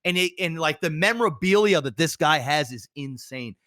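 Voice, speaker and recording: Animated, swearing male podcast co-host. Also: a little high, moderate pace, no room sound, studio quality. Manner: animated, swears often, many restarts. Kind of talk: casual podcast chat.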